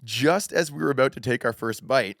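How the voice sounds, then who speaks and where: A man's voice: mid-range voice, brisk, fairly bright tone, no echo, studio quality. A man, a podcast co-host telling a story in casual chat, acting out quotes and laughing often.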